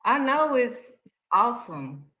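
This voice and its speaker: A woman giving a casual, animated faith talk, speaking straight to her viewers. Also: fairly high pitch, takes it slowly, roomy sound, rough recording. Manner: animated, acts out excited voices and exclamations; talks straight to viewers, calling them honey. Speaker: faith vlogger.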